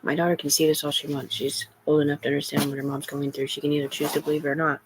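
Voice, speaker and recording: A woman's voice: low voice, flat delivery, very fast, slightly rough. Agitated, profane middle-aged woman. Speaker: livestreamer. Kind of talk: rambling livestream monologue.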